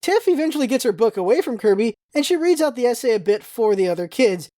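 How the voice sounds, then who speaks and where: A young woman hosting a podcast in a chatty, rambling, excitable way. Her voice is higher than most but mellow and warm in tone. It sits very dry and close, with no room sound around it. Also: fast, no echo. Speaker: podcast host. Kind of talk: casual rewatch podcast commentary.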